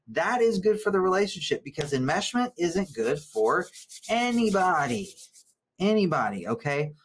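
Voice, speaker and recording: Earnest therapist man lecturing. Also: on the high side. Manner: earnest, animated, gets worked up and repeats words; reads viewer comments aloud. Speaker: therapist teaching a webinar. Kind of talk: live webinar lecture.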